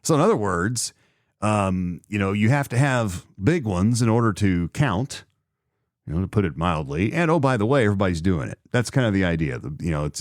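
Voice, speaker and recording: A man's voice: lowish voice, dry recording, studio quality. A middle-aged man hosting a podcast, talking in a rambling, sarcastic commentary style. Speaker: podcast host. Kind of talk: casual commentary monologue.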